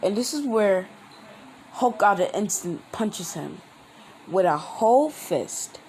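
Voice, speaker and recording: A man hosting his own channel, telling a fan-made story in a rambling, halting way with many restarts. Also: high voice, very animated, darkish tone, slight background noise, low-quality recording. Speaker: channel host. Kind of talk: casual fan-fiction storytelling.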